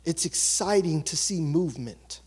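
A man preaching a sermon as pastor, emotional and building to excited shouts. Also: fairly high pitch, normal speed, slightly rough.

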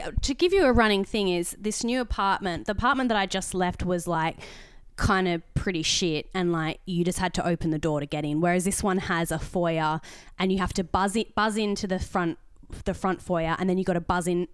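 An Australian woman co-hosting a podcast, telling a story in casual chat, animated and swearing, acting out the voices of others. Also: fairly low pitch, a little fast, smooth, dry recording. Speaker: podcast co-host.

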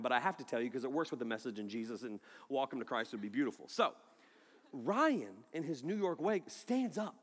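A man preaching to a congregation, telling a story with jokes and acting out the people in it. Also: a little high. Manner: animated, joking storyteller who acts out the people in his story. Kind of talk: sermon with storytelling. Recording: long hall reverb.

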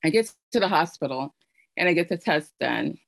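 A middle-aged woman telling her personal story in an earnest, halting way, with fillers and restarts. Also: low-pitched, expressive, creaky, no echo. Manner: emotional storytelling. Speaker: speaker sharing her story. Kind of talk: personal testimony.

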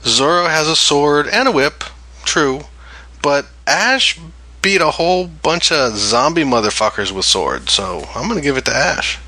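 Laid-back male panelist, bright voice. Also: a little high, very animated, a little slow. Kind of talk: casual panel chat.

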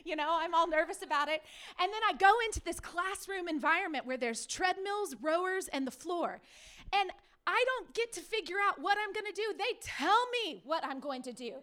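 Very high-voiced woman pastor preaching. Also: normal speed. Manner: lively storytelling, acts out quoted people; speaks to the audience directly with questions. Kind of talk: sermon.

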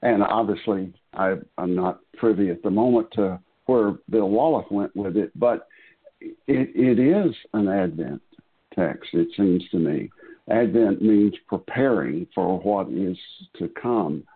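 A low-voiced man on a discussion panel talks slowly and thoughtfully, with a husky tone. He pauses and restarts as he works through his ideas, heard over a tinny call line. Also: lively intonation. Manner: slow, thoughtful, with hesitant restarts. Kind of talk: reflective casual discussion.

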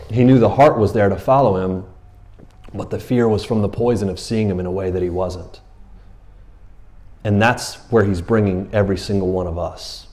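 Animated casual-talking male pastor. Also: lowish voice. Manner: casual, animated storytelling with slang and laughter. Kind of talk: sermon.

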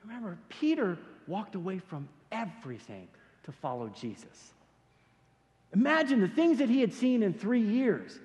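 Male pastor, high and very expressive voice, casual animated sermon, long hall reverb. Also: normal speed. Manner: casual, animated storytelling with slangy asides.

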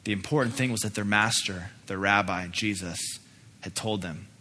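Earnest young male pastor, low-pitched and bright-toned, preaching in a reverberant hall. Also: moderate pace. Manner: earnest, with frequent emphatic repeats. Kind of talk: sermon with personal story and prayer. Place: church sanctuary. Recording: echoey hall, faint noise.

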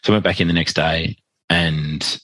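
A man's voice: a bass voice, fairly even intonation, moderate pace, a bit bright, dry recording. A father who is a podcast guest, telling a personal story in a chatty way, re-enacting dialogue with lots of "like" fillers.

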